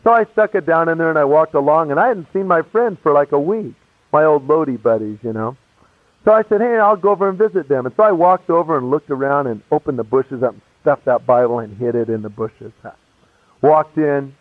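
Telling his conversion story as a testimony, a man keeps things casual and animated and acts out every voice. He sounds a little high and a little fast, on a tinny, phone-like, dry recording with no room sound.

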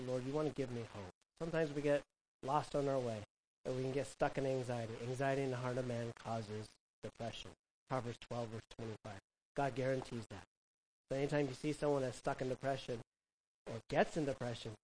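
A man's voice: mid-range voice, slight background noise, rough recording. A man from California preaching a conversational sermon, asking the congregation questions and acting out quoted voices. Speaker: pastor.

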